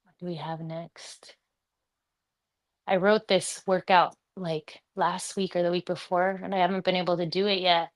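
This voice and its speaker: A woman's voice: lowish voice, flat delivery, normal speed. A woman leading a live home workout class, counting reps and cueing breaths in a chatty way, with asides to her dog. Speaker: fitness instructor.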